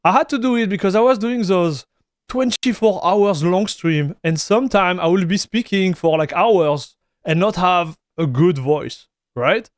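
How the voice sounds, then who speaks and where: French guy streaming, kinda high voice, dry close sound, chatty, keeps saying dude. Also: a little slow, no echo. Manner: chatty, reads viewer messages aloud, calls people dude and broski. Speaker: live streamer. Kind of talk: casual live-stream chat.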